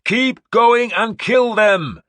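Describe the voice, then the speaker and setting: A man's voice: high voice, takes it slowly, bright, forceful tone, no echo, voice pushed up, full character voice. A male narrator voicing a battle-hardened warlord who bellows war cries at his men. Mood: bellowing.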